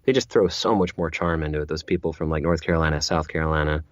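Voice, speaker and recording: A man's voice: extremely low pitch, steady tone, fast, no echo, lo-fi sound. A man who narrates audiobooks, chatting as an interview guest, rambling with many restarts and repeated words. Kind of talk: casual interview chat.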